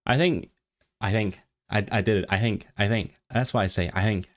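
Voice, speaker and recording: Cantonese-native guy on a livestream, kinda low voice, rambly, lots of restarts. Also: normal speed. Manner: rambling, many restarts, reads chat aloud. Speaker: livestream host. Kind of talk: casual livestream chat.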